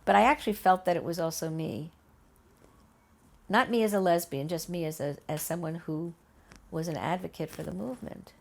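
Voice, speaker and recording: An older woman, recalling events in an oral history interview at her home, lively and acting out the voices she quotes. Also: lowish voice, moderate pace, vocal fry. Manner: animated, acts out quoted voices, many restarts. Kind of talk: conversational storytelling.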